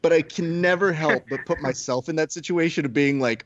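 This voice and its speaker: A man's voice: a little high, fairly quick, a bit bright, dull audio. A man hosting a casual podcast chat, telling stories animatedly and swearing freely. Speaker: podcast host.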